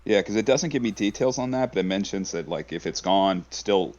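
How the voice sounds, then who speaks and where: A man's voice: lowish voice, lively intonation, a little fast, a little mellow, lo-fi sound. A man talking casually as a player in a tabletop game session, thinking aloud as he goes. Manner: chatty, thinking aloud with restarts. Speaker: player character.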